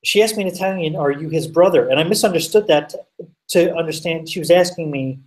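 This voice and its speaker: Brief: male guest, animated chatty storyteller with fillers and swearing, sits back from the mic. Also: on the high side, a little fast, far from the mic, poor audio. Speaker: podcast guest. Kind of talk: casual storytelling.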